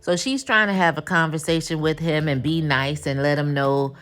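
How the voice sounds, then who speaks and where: A woman with a Black way of speaking, recapping a TV episode in casual, animated chat and acting out the characters' lines with attitude. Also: low voice, moderate pace. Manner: animated, acts out quotes with attitude. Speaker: TV recap host.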